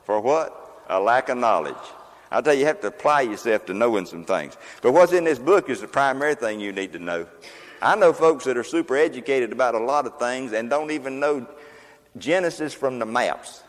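An older male pastor delivers a sermon in a homespun, joking, chatty manner. His voice sits at an ordinary pitch for a man. It rings with the long reverb of a large church hall. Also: expressive, brisk. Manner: folksy, joking, conversational preaching.

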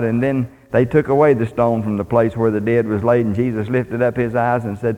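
Preacher in a reverberant hall. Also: male voice, medium pitch, steady tone, brisk, few pauses, darkish tone. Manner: folksy, plainspoken preaching, reads scripture aloud. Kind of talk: sermon.

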